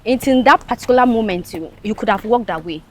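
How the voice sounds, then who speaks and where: A woman's voice: on the high side, lively intonation, fast, slight background noise. A woman with a Ghanaian English accent speaking frankly and emphatically as a panelist on a casual talk show. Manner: frank, emphatic, mixes in local phrases.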